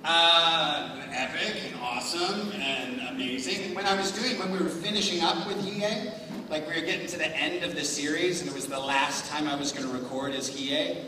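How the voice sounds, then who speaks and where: Middle-aged man, jokey storyteller fielding a convention Q&A, voice a touch high, caught from far back in an echoey hall. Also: moderate pace, background noise. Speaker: voice actor panel guest. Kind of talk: convention panel Q&A. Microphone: far from the recording device.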